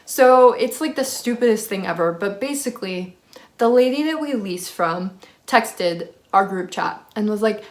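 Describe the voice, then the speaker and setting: A woman's voice: mid-range voice, expressive, measured pace. A young woman casually telling a roommate story to her channel, chatty with lots of fillers and an exasperated tone.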